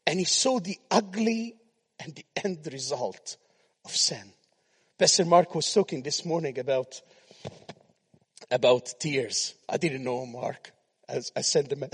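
Male preacher, high and measured, dramatic loud-soft delivery, reverberant church hall. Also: husky. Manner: dramatic swings between loud declarations and soft near-whispers. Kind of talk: sermon.

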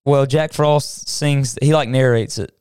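A man co-hosting a casual podcast, talking in an easygoing, unhurried way with some hesitant pauses. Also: medium pitch, steady tone, darkish tone, smooth, no echo, clean studio sound. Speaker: podcast co-host. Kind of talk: casual chat.

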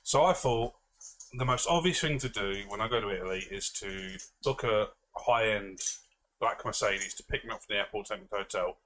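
A man's voice: fairly low pitch, a little fast, a bit bright. Male podcast co-host, casual storyteller, self-mocking and sweary, faint background noise. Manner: rambling, self-mocking, swears freely, laughs often.

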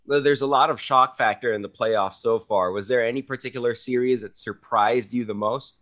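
A man's voice: medium pitch, normal speed, fairly bright tone. A man hosting a podcast, giving upbeat, hype-style introductions and chatting casually with his guest. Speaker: podcast host.

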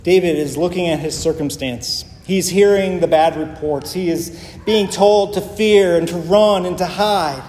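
A man preaching a sermon as pastor, earnest and emphatic, with deliberate pauses. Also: high voice, a little mellow. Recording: echoey hall with faint ambience.

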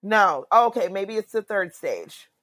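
A woman's voice: medium pitch, animated, a little slow, fairly bright tone, no echo. A woman co-hosting a podcast in casual chat, asking questions and chiming in often. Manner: conversational, asks questions, backchannels often. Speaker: podcast co-host.

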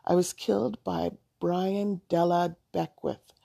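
A woman voicing a calm, dignified man. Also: on the low side, slow, vocal fry, dry recording, clean studio sound, exaggerated voice. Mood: solemn. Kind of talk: storybook reading.

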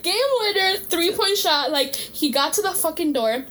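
A woman in her twenties in casual chat, telling a story in a lively way, swearing and laughing as she goes. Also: extremely high pitch, moderate pace, background noise.

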